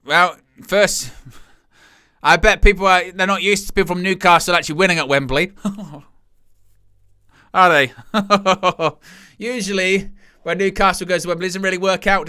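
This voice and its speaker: A man hosting a live wrestling watch-along, calling the action with excited gasps and exclamations. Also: high voice, clear, resonant tone, no echo, studio quality. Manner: animated, exclaiming "oh" at each move. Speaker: wrestling live-stream host.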